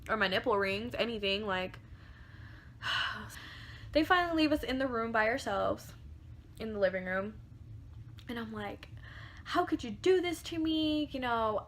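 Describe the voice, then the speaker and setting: Young woman vlogger spilling a story, says like constantly, kinda high and bright. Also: a little hiss or hum. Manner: chatty, filler-heavy with frequent "like", swears casually. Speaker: beauty vlogger. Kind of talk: storytime vlog.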